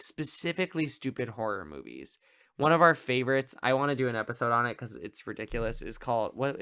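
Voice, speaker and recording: Bright, clear-voiced male podcast host. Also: medium pitch. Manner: rambling, filler-heavy, amused. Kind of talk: casual solo movie review.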